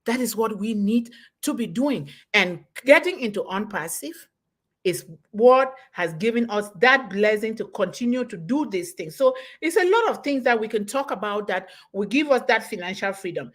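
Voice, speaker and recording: A woman's voice: animated, moderate pace. Emphatic middle-aged woman from Cameroon. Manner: emphatic, repeats phrases, swings in pitch and loudness. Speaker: host. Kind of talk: impassioned motivational talk. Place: live online webinar.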